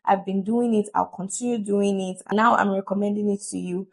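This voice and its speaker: A woman's voice: medium pitch, steady tone, a little fast, creaky. A woman giving a chatty, earnest motivational talk to camera, laughing often. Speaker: vlogger.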